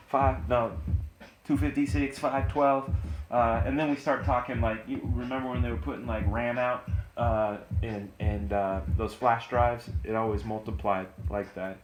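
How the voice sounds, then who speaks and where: A middle-aged man, a comic artist, telling stories in a relaxed, chatty way on a live stream. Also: mid-range voice, a little hiss or hum. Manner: relaxed, chatty, lots of fillers and laughs. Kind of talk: casual storytelling on a live stream. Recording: roomy room, faint music.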